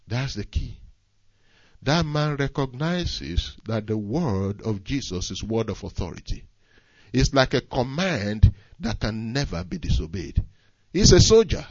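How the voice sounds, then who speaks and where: A man preaching a sermon, moving from near-hushed lines to shouted emphasis, with repetitive, emphatic phrasing. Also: mid-range voice, big pitch swings, a little slow, no room sound, lo-fi sound.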